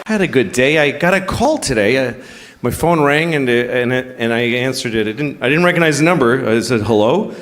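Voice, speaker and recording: A man's voice: mid-range voice, expressive, brisk, big-room sound, some chatter behind. A man doing crude, exasperated stand-up comedy on stage, speaking into a handheld mic. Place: comedy stage before a live audience. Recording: live show with loud audience noise.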